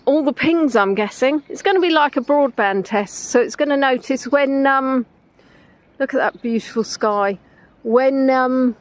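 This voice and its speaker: Answering viewers on a live stream while walking by a river outdoors, an English woman rambles casually with plenty of "um"s. She has a high voice and speaks a little slowly.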